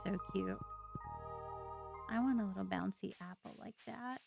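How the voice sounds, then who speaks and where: A woman's voice: medium pitch, measured pace, creaky, dull audio, music in the background. A woman hosting a let's play, giving casual gameplay commentary with chatty, joking asides to viewers.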